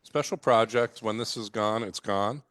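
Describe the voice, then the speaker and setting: A man, a distiller guest on a radio show, explaining in a measured, hesitant way. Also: on the low side, fairly bright tone, no echo. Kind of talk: casual radio chat.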